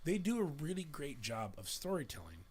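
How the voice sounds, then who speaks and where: A man's voice: on the high side, big pitch swings, moderate pace, a little mellow, slightly rough. A man in his thirties hosting a podcast, chatting casually and animatedly, swearing freely and acting out voices as he retells scenes. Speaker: podcast host. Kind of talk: casual chat.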